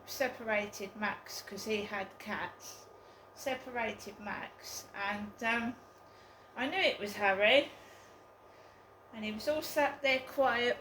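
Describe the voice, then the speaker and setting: A woman's voice: on the high side, fairly bright tone, echoey room, slight background noise, rough recording. A woman telling a story in a casual vlog, hesitant and full of ums. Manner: slow, hesitant, with many ums. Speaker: vlogger.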